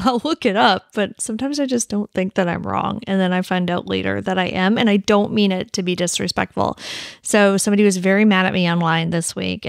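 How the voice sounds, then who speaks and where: A woman's voice: mid-range voice, vocal fry, dry recording, studio quality. A woman hosting a true-crime podcast, talking casually with frequent apologies and laughs. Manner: chatty, apologetic, laughs often. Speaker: podcast host.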